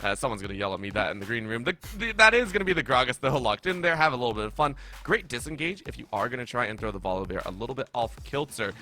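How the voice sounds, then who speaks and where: A man's voice: medium pitch, big pitch swings, bright, forceful tone. A man casting live esports play-by-play in an upbeat, chatty way. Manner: upbeat, chatty, quick to laugh. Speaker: play-by-play caster.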